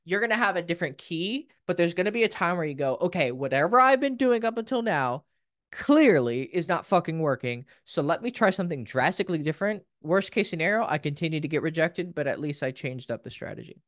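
A young man, a dating coach, telling stories in casual podcast chat, lively and freely swearing. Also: on the high side, quick pace, few pauses, no echo, studio quality. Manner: animated storyteller, swears freely.

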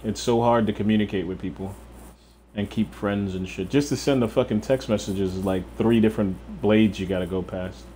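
A man's voice: on the low side, fairly even intonation, normal speed, dark tone, slight background noise. A young man livestreaming a video game, chatting casually and profanely while answering viewers. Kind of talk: casual gameplay chat.

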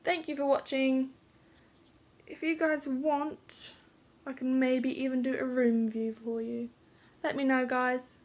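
A woman's voice: high voice, little pitch movement, moderate pace, a little mellow. A young English woman talking casually through her bookcase, rambling and unsure, often trailing off into mumbles. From England. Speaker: book vlogger.

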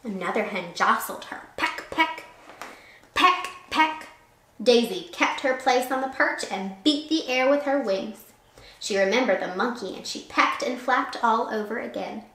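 Speaking at normal speed in a fairly high pitch, a woman in a teacher's role reads a picture book aloud to children. Her animated, expressive telling includes small asides, and a roomy echo is audible throughout.

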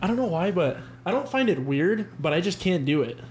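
A man co-hosting a casual podcast chat, animated and profane, often acting out what other people say. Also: high voice, fairly quick, faint music behind. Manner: animated, profane, acts out quoted voices. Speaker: podcast co-host.

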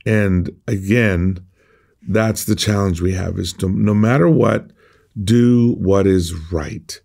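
A man's voice: fairly low pitch, takes it slowly, creaky, darkish tone. A man preaching an earnest, conversational sermon, often restarting his phrases as he explains a scripture passage. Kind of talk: streamed sermon.

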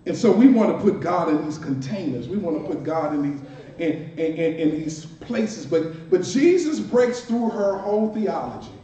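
High-voiced preacher in an echoing church. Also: male voice, animated, moderate pace, few pauses, warm tone. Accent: Washington D.C. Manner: conversational preaching, playful asides and repeated words. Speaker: minister. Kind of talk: sermon. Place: church sanctuary. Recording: distant, roomy, dull church recording with faint hiss.

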